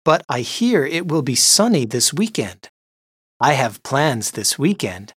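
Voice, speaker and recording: A woman's voice: extremely low pitch, big pitch swings, dry recording, clean studio sound, heavily acted. A woman reading a schoolboy in a textbook dialogue. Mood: friendly. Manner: slow, clearly enunciated textbook dialogue. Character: schoolboy Ryo chatting about weekend plans. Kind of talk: scripted listening-test dialogue.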